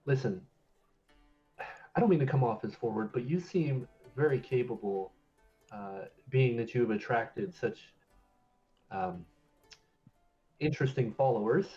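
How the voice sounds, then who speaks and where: A man's voice: medium pitch, warm tone, dull audio, lightly acted. Man voicing a shy young noblewoman. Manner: hesitant, polite, a bit flustered.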